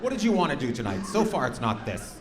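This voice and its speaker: A man's voice: mid-range voice, very animated, fast talker. A man doing profane, teasing stand-up crowd work with the audience in a comedy club. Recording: echoey club, loud crowd noise.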